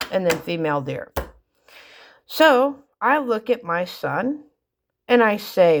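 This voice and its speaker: A woman's voice: mid-range voice, big pitch swings, slow pace, long pauses. A middle-aged mother casually telling funny stories about her kids, rambling with fillers and restarts. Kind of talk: casual storytelling.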